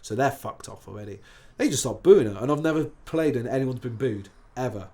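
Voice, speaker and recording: A man's voice: medium pitch, fairly quick. A man from England telling a long, sweary anecdote as a DJ guest on a casual chat show. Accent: Bristol English. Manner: sweary, animated, acts out quoted voices.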